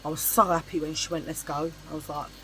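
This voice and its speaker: A woman's voice: low voice, fast, slight background noise, rough recording. A middle-aged woman, telling a long story in a casual vlog, chatty and blunt with some swearing. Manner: chatty, animated and blunt, swears freely, acts out voices in her anecdotes. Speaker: vlogger. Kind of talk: casual storytelling chit chat.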